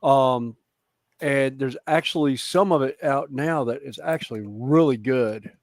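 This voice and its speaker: A man's voice: mid-range voice, measured pace, no room sound, studio quality. A man in his thirties with a Southern American accent, rambling through a casual chat. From North Carolina, USA. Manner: rambling and chatty, with frequent restarts and laughs.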